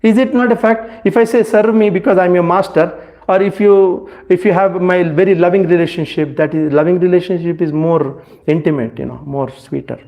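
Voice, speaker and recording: Warm and high-pitched, this man speaks fairly quickly as he delivers a devotional message. He fills pauses while hunting for the right words, asks rhetorical questions, and lets his emphasis climb.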